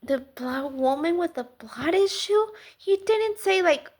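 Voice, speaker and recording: A woman giving a casual faith talk to the camera, swinging from loud exclamations to soft near-whispers. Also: very high voice, expressive, measured pace. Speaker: Christian vlogger.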